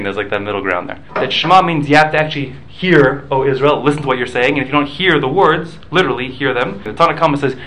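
A man at an ordinary middle pitch leads a relaxed study class. He works through a text in a conversational way, slipping in Hebrew and Aramaic study terms as he goes and checking in with his listeners. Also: a little hiss or hum, rough recording. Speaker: Talmud class teacher. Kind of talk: casual study-class lecture.

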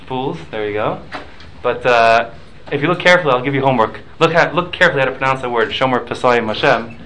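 A man's voice: mid-range voice, quick pace, hardly any pauses, pushed and bright, a little hiss or hum, rough recording. A man leading a casual study class, explaining points patiently, mixing in Hebrew and Aramaic study terms and checking in with listeners. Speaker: Talmud class teacher.

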